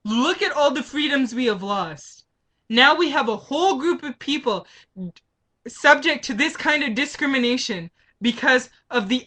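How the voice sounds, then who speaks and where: A woman's voice: sits high, sharp tone. A woman venting to camera in a political rant, heated and frustrated, firing off rhetorical questions. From Canada. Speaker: vlogger.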